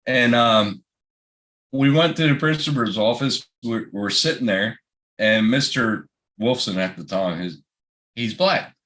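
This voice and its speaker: A man's voice: mid-range voice, unhurried, a bit bright. A middle-aged man, telling profane, laugh-filled anecdotes in casual chat.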